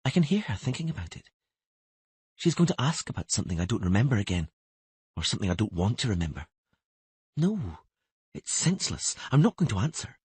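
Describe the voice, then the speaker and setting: A man doing a quiet, reluctant young girl. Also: lowish voice, sing-song, brisk, pauses often, breathy edge, no echo, full character voice. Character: young girl princess, withdrawn and sad.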